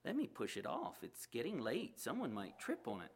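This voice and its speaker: An honest young man stammers nervously, his voice pitched higher than usual. A man plays him in a read-aloud parable. He sounds earnest and a little anxious. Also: huge pitch swings, moderate pace, breathy edge, exaggerated voice.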